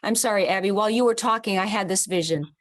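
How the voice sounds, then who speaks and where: An effusive woman closes an online gathering over a video call, talking people through a shared visualization. Her voice sits at a middling pitch, and the dry, close audio has no room sound. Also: fast, no room sound. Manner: effusive, warm-hearted, leads a guided visualization. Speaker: summit host. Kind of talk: closing remarks on a video call.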